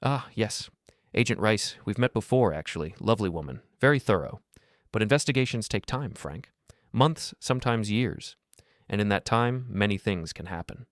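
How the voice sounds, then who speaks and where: Brief: suave threatening crook, condescending, low voice, read by a man. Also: expressive, moderate pace, no room sound, clean studio sound, close to an everyday voice. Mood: smooth menace. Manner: smooth, condescending, quietly threatening. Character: smooth, menacing small-time male club owner.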